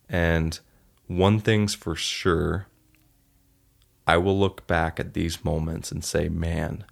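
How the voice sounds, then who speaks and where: A man's voice: sits low, vocal fry. A man hosting a solo podcast, telling stories in an earnest, heartfelt way. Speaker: podcast host.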